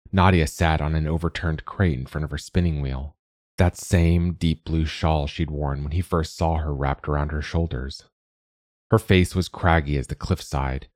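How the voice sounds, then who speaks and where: A man narrating a story at a measured, even pace. His voice is very deep and sounds close and dry, with no room echo.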